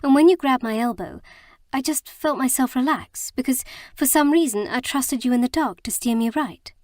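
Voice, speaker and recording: A woman voicing an earnest, emotional young bride in an audiobook, speaking in a halting, heartfelt way. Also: high voice, lively intonation, darkish tone, dry recording, clean studio sound, voice pushed up. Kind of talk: audiobook character reading.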